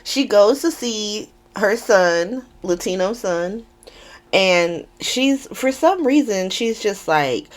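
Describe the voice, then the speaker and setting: A woman hosting a podcast who recaps a soap opera in a casual, animated and sarcastic way, laughing often. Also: mid-range voice, slow pace. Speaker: podcast host.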